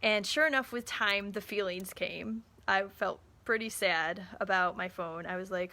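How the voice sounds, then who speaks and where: A woman's voice: medium pitch, measured pace, hardly any pauses, bright, forceful tone. A woman in her thirties telling a story in a casual live talk to viewers, acting out bits of dialogue as she goes. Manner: chatty storytelling, acts out quoted dialogue. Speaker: small business owner and mother.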